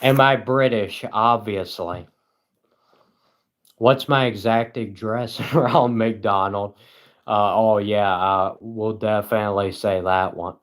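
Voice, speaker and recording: Livestreaming from home, a man reads chat aloud and replies with deadpan sarcasm and frequent chuckles. His voice is fairly low and his pace slow.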